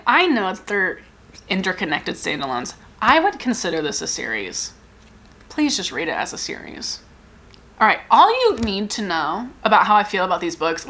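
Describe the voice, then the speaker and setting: A woman's voice: mid-range voice, a bit bright. A young woman chatting casually in a book vlog, rambling and giggling as she gushes and cuts herself off. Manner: rambling, giggly and gushing, self-interrupting. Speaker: book vlogger. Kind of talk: casual chat.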